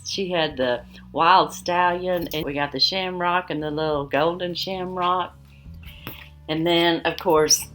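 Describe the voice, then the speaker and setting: A woman's voice: lowish voice, a bit bright. A woman vlogging at home, chatting to viewers in a gushing, rambling way. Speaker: beauty vlogger. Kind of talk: casual chat to viewers.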